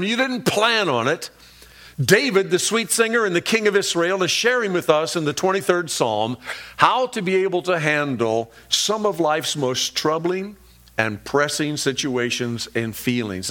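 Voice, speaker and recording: A pastor preaching a sermon, telling stories and slowing down to stress key words and scripture. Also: male voice, fairly high pitch, sharp tone. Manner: storytelling, slows down for emphasis on key words.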